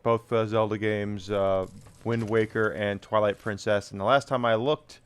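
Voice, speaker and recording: A man's voice: on the low side, fairly even intonation, normal speed, smooth. A man streaming a video game, chatting casually and rambling to his viewers as he plays. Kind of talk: casual live-stream chat while playing.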